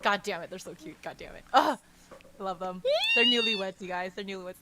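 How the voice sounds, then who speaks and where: A woman's voice: medium pitch, wildly swooping pitch, brisk, heavy background noise. A woman co-hosting a podcast, gushing and swearing as she chats and reads aloud. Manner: gushing, swears a lot, squeals and laughs. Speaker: podcast co-host. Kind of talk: casual chat and reading aloud.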